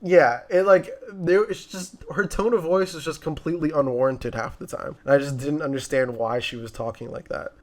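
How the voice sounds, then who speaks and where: A man's voice: on the high side, moderate pace, few pauses, darkish tone. A man in his twenties, co-hosting a casual movie review, talking in a chatty way with lots of fillers and restarts. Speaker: co-host of a movie review show.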